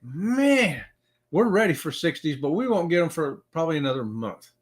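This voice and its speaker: A man's voice: fairly high pitch, very animated, moderate pace. A middle-aged man hosting a casual live-stream chat, rambling with fillers and greeting viewers by name. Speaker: live-stream show host.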